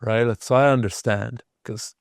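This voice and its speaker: A man's voice: medium pitch, steady tone, normal speed, gravelly, no echo, studio quality. A young man, a podcast guest, telling a personal story in a casual, rambling way with lots of "like". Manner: rambling, heavy use of filler "like".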